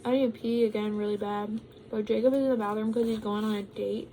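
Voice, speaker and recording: A woman's voice: a little high, flat delivery, fast talker, few pauses, dark tone, a little hiss or hum, poor audio. A young woman talking casually to her vlog audience, rambling with lots of ums and likes, sometimes while eating. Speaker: vlogger.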